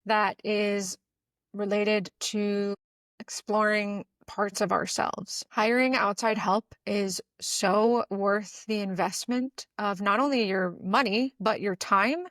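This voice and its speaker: A woman relationship coach speaks in an earnest, soothing podcast monologue at a middling pitch. Her delivery is unhurried and reflective, with the occasional casual swear word. The recording is close and completely dry. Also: steady tone, fairly bright tone, no room sound.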